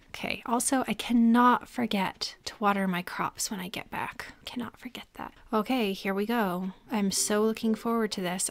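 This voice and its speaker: A young woman gaming streamer narrates a casual let's play in a creaky, mid-range voice at a moderate pace, with few pauses. She tosses in sarcastic asides and often drops to a whisper, with faint game music in the background.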